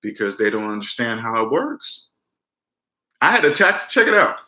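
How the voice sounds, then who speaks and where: A man's voice: mid-range voice, big pitch swings, normal speed, pushed and bright. A man giving a blunt, emphatic personal finance lecture straight to his viewers, often restarting his sentences. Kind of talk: casual lecture to the camera. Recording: roomy echo.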